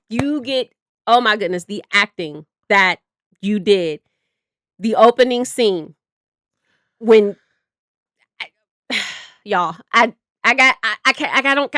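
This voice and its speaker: Bright, gushing woman co-host. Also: on the high side, no room sound. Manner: excited, gushing, casual with swearing. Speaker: co-host of a reaction show. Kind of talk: casual chat reviewing a TV episode.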